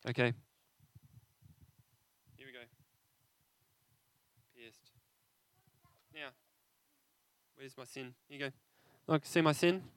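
A man preaching an interactive sermon, animated and conversational, often asking his listeners questions. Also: mid-range voice, slow pace, long pauses, clean tone.

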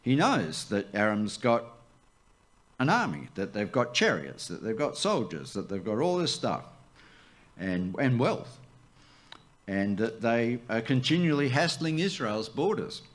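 A man, the church's pastor, preaching a sermon, swooping up high for emphasis and dropping to a near hush. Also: big pitch swings, measured pace.

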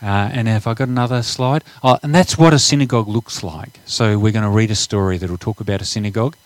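A man's voice: on the low side, fast, no echo, low-quality recording. A middle-aged man preaching a sermon, chatting casually over slides and then reading scripture aloud with rising emphasis. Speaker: pastor.

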